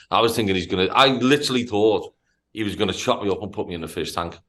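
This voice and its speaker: A man from Liverpool with a Liverpool accent, telling a profane, animated story on a casual podcast. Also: deep voice, fast talker. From Liverpool, England. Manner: profane, animated anecdote-telling with stammered restarts. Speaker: podcast host.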